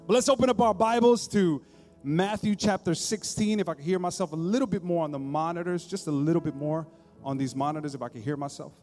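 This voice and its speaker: A man's voice: on the high side, quick pace. Give me a man preaching on a church stage, chatty and playful, with faint background music. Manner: conversational and joking, drops to soft intimate tone. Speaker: pastor. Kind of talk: sermon. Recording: long hall reverb, faint music behind.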